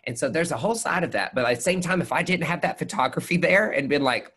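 A male nurse injector appears as a webcast guest, chatting casually and telling animated stories in which he acts out quotes. His voice is a little high and slightly rough, and he talks fast with hardly any pauses.

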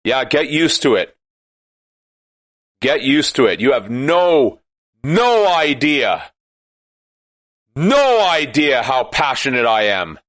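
A man delivering an impassioned, sarcastic monologue that at times rises to shouting. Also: mid-range voice, lively intonation, slow, no echo.

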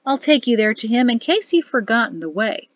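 A woman voicing an easygoing army general, matter-of-fact and gently teasing. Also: a little high, very animated, fairly quick, dry recording, highs cut off. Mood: dry amused. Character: easygoing older general, dryly amused.

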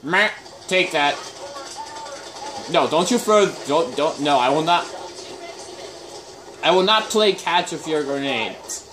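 A man's voice: on the high side, animated, slow pace, pauses often, background noise. A man giving casual live gameplay commentary, chatting and reacting aloud with sudden exclamations and muttered groans.

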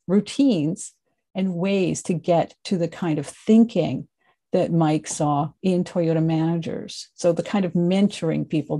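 A woman's voice: on the low side, warm tone. A woman with a Canadian accent giving a conversational webinar presentation, explaining ideas with occasional fillers.

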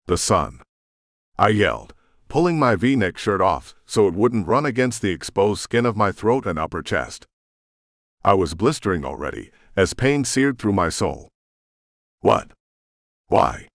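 A man's voice: on the low side, sing-song, moderate pace, no room sound, clean studio sound. A man narrating a romance audiobook in first person with dramatic, intense storytelling.

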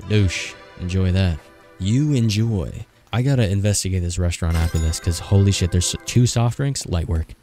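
A man's voice: low voice, normal speed, mellow, soft background music. A young man in his twenties doing casual, frantic gameplay commentary, swearing and joking to himself as he plays. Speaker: gaming streamer.

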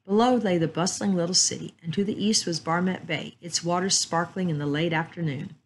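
A woman storyteller reading a chapter book and a Bible story aloud in a calm, measured way. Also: lowish voice, slight background noise, low-quality recording.

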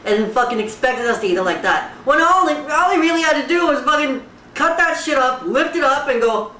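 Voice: high-pitched, fairly quick. Swearing comic ranter, roomy and distant. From Fiji. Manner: loud, animated, swearing constantly, exaggerated outrage. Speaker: comedian recreating a talk show. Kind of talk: profane comic rant to camera. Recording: roomy echo, distant mic, faint background hiss.

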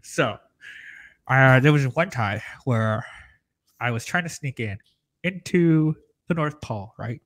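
A man plays the Grinch, a greedy, onion-loving, mischievous green character, in a comedy interview, chatty and joking as he rambles through tall tales and laughs a lot. His mid-range voice is slow and lightly acted, with long pauses.

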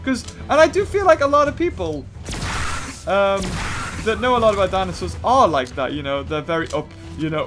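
A man's voice: a little high, fast, music in the background. A young man chatting casually and rambling with self-mocking humor while commentating on a game he is playing. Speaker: gaming channel host.

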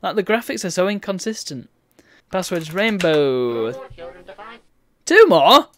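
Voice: mid-range voice, expressive, unhurried. A game streamer giving chatty, wry let's-play commentary and reading on-screen text aloud.

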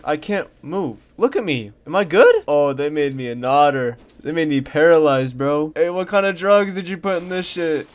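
A young man giving crude, rambling commentary while playing a game, yelling at it when things go wrong. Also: a little high. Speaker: gaming streamer. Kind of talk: casual gameplay commentary.

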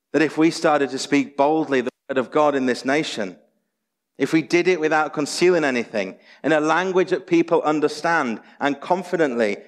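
Man, pastor, earnest sermon, rhetorical questions, echoing church hall. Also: on the high side. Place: church sanctuary. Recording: long church hall reverb.

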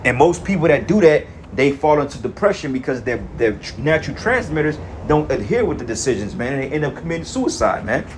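A man's voice: medium pitch, big pitch swings, slight background noise. A man teaching scripture in an angry, profane way, reading verses aloud and tagging his lines with "man" and "okay". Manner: profane, heated, ends phrases with "man" and "okay"; reads verses aloud in measured cadence.

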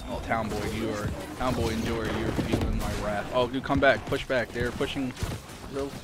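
A man giving casual, excitable commentary while playing an online combat game, swearing and calling out targets to teammates. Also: on the low side, moderate pace. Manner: excitable, swears a lot, laughs often. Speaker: gamer streaming his point of view in a clan war. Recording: music playing behind.

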